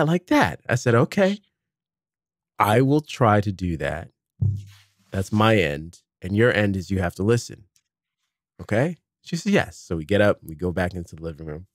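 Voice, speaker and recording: A middle-aged podcast host with a fairly low-pitched voice tells a family story in casual conversation, acting out the dialogue with animated flair. He speaks at a normal speed, and the recording is dry with clean studio sound.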